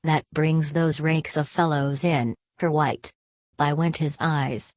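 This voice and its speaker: A woman reading a literary audiobook in a measured, unhurried way. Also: deep voice, steady tone, darkish tone, no room sound. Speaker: audiobook narrator.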